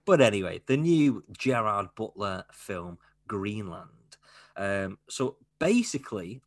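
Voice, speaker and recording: A man's voice: on the low side, sing-song, slow, no echo, studio quality. A man co-hosting a podcast, chatting casually and jokingly about films with rambling asides. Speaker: podcast co-host. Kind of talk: casual film chat.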